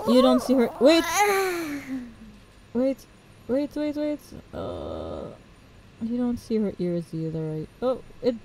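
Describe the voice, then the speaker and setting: A woman's voice: a little high, dark tone, a little hiss or hum, poor audio. Giggly, chatty young woman streamer. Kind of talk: casual game stream chat.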